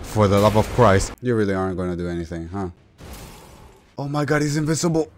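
A fed-up man narrates his own gameplay, cursing and crying out at every setback. His voice sits fairly low, and a faint hum of room ambience runs under it. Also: animated, fairly quick. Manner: exasperated, swearing and loudly exclaiming. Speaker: gamer. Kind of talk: gameplay commentary.

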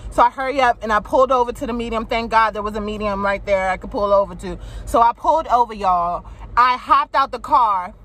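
High bright woman telling a story. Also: slight background noise. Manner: animated, swears freely, shrieks when quoting her panic. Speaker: vlogger. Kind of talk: casual storytelling.

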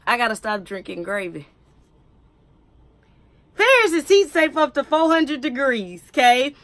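A woman's voice: high voice, lively intonation, measured pace, pauses often, a bit bright, dry recording. A woman, chatting to camera in a wig review vlog, joking and teasing herself. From United States. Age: 30s. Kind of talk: casual chat to camera.

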